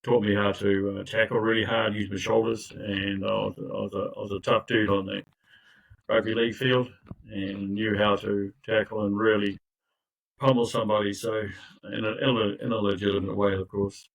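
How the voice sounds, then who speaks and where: Poor audio captures an older recovery coach whose low-ish voice shows little pitch movement and some vocal fry, at a moderate pace. He tells his own story earnestly and emphatically, restarting often and adding asides.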